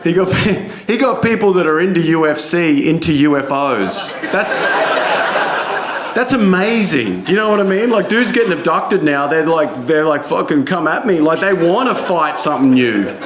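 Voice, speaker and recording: A man's voice: fairly high pitch, expressive, normal speed, roomy sound, a crowd in the background. A male stand-up comedian doing a rambling, profane routine, laughing through his lines.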